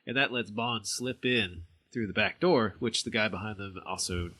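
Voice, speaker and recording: A man co-hosting a podcast who calmly fills in plot details, often hedging with "I guess" and "I think". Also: fairly low pitch, moderate pace. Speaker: podcast co-host. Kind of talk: casual chat recapping a film.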